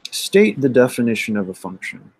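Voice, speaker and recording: A man teaching math, walking through exam solutions in a conversational way, often pausing with "um" and checking in with "right?". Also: mid-range voice, big pitch swings, slightly rough, no echo, low-quality recording. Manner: conversational, thinks aloud with many "um" and "right?". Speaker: math instructor. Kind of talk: recorded lecture going over an exam.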